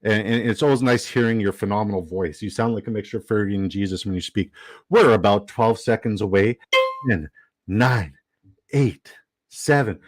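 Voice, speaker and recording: A man's voice: fairly low pitch, moderate pace, no room sound, poor audio. A man hosting a live stream in a casual, upbeat way, rambling and reading out viewer comments. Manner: chatty and upbeat, rambling with fillers and shout-outs. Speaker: livestream host.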